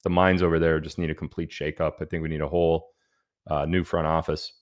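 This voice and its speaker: A man's voice: very deep voice, little pitch movement, a little fast. A man hosting a casual livestream, chatting loosely and reading out where viewers are from. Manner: chatty, reads out viewer locations. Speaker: livestream host.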